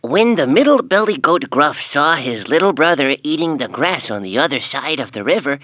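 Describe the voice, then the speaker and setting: A man reads a children's storybook aloud with clear, expressive narration. His voice sits a bit high and swings widely. The sound comes through a tinny, dry toy speaker. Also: fairly quick.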